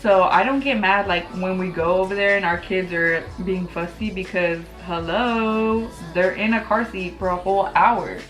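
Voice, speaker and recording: A woman's voice: medium pitch, steady tone, normal speed, hardly any pauses, fairly bright tone, roomy sound, soft background music, rough recording. A woman in her thirties chatting candidly while doing her makeup, full of "like" fillers and casual swearing. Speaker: beauty vlogger. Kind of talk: casual get-ready-with-me chat.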